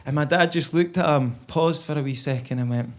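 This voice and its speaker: A Scottish comedian spins a long stand-up story in a slightly raised voice. He talks in a loose, chatty way and keeps checking in with a quick "right?". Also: a little high.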